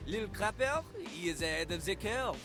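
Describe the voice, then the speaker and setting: A man's voice: high-pitched, expressive, normal speed, over music. An actor playing a boastful male toilet in a video game, talking about himself in the third person with a French accent. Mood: swaggering. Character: cocky male toilet who raps, pompous French-accented.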